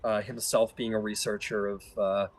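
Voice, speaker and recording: A man's voice: lowish voice, moderate pace. Rambling man running a tabletop game. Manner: rambling, filler-heavy, relaxed. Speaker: game master.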